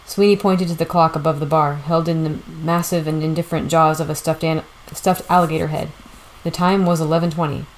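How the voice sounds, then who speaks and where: Low-voiced woman reading a novel. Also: steady tone, brisk, rough recording. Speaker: audiobook reader. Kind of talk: audiobook narration.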